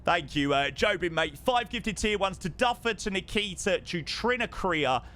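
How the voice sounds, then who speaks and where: A man streaming live over a flight simulator, effusive and excitable, thanking his chat again and again. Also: high voice, moderate pace. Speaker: livestreamer.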